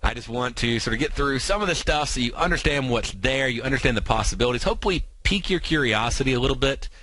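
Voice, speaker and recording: An American man hosting a trading show, explaining strategies in quick, filler-heavy talk. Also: mid-range voice, lively intonation, bright, forceful tone, poor audio. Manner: talks fast, many fillers and asides.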